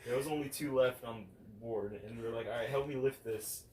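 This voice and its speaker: A man's voice: medium pitch, a little fast. A young man co-hosting a podcast, chatting casually with friends and acting out the voices in his stories. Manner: animated storyteller, acts out quotes. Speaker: podcast co-host. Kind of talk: casual chat among friends. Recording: roomy, distant mic with faint hiss.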